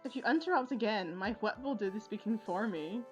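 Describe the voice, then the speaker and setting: A woman's voice: medium pitch, lively intonation, a little fast, faint music behind, lightly acted. A woman reading the lines of a haughty young female prosecutor in a video game, in a scornful, arrogant manner, with slightly dull lo-fi sound. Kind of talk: reading game dialogue aloud.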